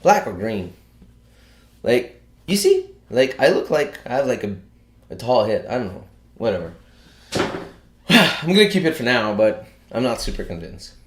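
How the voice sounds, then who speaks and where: A man's voice: medium pitch, big pitch swings, a little slow, long pauses, a little hiss or hum. A man chats casually through a live stream, piling up fillers and restarts as he goes. He sounds a little out of breath. The room around him is bare and echoey. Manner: chatty, many fillers and restarts.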